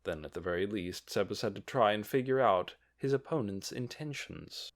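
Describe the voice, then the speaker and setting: A man narrating an audiobook with expressive reading. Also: low-pitched, normal speed, hardly any pauses.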